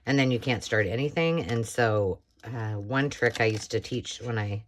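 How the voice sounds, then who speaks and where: Slightly hoarse American woman, middle-aged, rambling craft chat, faint clicks behind. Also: a bass voice, normal speed, slight background noise. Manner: chatty, rambling, self-talk while working. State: slightly hoarse, frog in throat. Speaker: crafting tutorial host. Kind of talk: casual craft tutorial chat.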